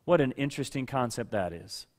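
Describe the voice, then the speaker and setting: A man's voice: mid-range voice, lively intonation, fairly quick. A male pastor and father giving a sermon in a conversational way, asking questions of listeners by name and at times raising his voice for emphasis. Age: adult with children. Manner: conversational preaching, rising to loud rhetorical outbursts.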